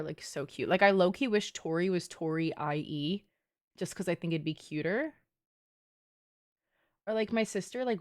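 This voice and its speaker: A woman in her twenties, a streamer chatting casually and playfully with her live chat, teasing and filling her talk with "like". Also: on the low side.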